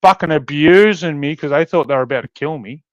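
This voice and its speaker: A man with an Australian accent in casual chat, telling rough, profanity-laced stories as a podcast co-host. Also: a little high, a little fast, dry recording. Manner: swearing-heavy, animated storytelling. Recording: dry, slightly dull sound.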